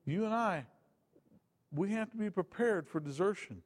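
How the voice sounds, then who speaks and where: High-pitched guy preaching, goes loud then quiet, big echoey church hall. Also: animated, moderate pace. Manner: dynamic delivery, swinging from loud emphatic to quiet. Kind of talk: sermon.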